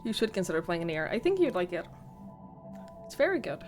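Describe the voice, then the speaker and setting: A woman's voice: fairly low pitch, very animated, fairly quick, a little mellow, soft background music. A young woman streamer chatting casually and playfully while she plays. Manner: playful, giggly asides. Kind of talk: casual gaming stream chat.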